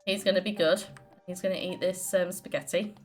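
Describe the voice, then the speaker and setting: Woman hosting a game let's play, chatty and giggly, lowish voice, faint music behind. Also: steady tone, a little fast, darkish tone. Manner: chatty, giggly, lots of fillers. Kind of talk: casual gameplay commentary.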